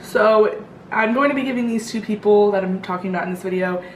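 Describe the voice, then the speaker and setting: A young woman rants casually to her camera, rambling along with plenty of fillers and asides. Her voice sits at an ordinary pitch and bounces around an echoey room. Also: a little fast, a little hiss or hum. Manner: chatty, rambling, lots of fillers. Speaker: vlogger. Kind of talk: casual storytelling rant.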